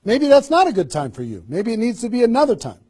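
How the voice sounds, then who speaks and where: A man with a fairly high, slightly husky voice coaches his listeners through a motivational seminar talk. He is energetic and keeps firing rhetorical questions, like a trainer pushing people into action. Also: fast talker. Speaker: network marketing trainer.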